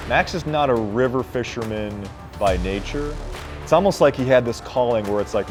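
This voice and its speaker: A man, a professional angler, narrating his tournament in a measured, earnest interview voice. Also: mid-range voice, over music.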